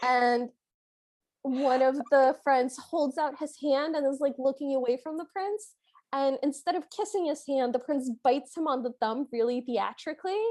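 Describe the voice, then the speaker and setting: A woman co-hosting a casual podcast, retelling film scenes in a lively way. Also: high-pitched, normal speed. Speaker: podcast co-host.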